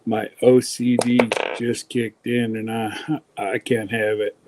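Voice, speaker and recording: A man's voice: fairly low pitch, level tone, slow, noisy background. A man hosting a casual livestream, chatty and folksy, greeting viewers one by one. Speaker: livestream host.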